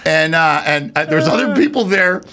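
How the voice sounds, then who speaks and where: A comedian from Canada, telling a long anecdote as a guest on a casual podcast, with lots of fillers and restarts. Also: male voice, on the high side, expressive, normal speed, sharp tone.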